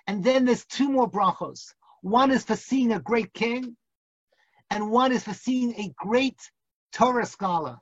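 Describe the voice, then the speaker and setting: A man with a very high voice, speaking at a measured pace, teaches an online class as a rabbi through a vivid, suspense-filled story. He mimics national accents for humor; the video call audio has no room sound and is dull and lo-fi.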